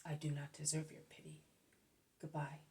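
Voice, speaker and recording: A woman reading aloud voices a rude, defiant young man who has been drinking, dropping her voice lower for him. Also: completely flat delivery, normal speed, vocal fry, a little mellow, recorded from a distance. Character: drunk, surly young man apostle, defensive.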